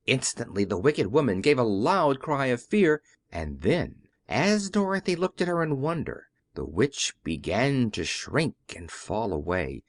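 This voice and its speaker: A man reading a classic children's story aloud as an audiobook narrator, in a measured storytelling way. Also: medium pitch, sing-song, no room sound, clean studio sound. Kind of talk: scripted narration.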